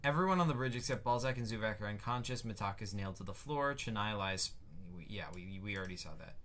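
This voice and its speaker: A man's voice: on the low side, expressive, fast, a bit bright, a little hiss or hum. A man casually talking through his own game on a livestream, reading out his notes and answering chat, with many fillers. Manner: rambling, lots of fillers, reads chat aloud. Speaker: streamer showing his game.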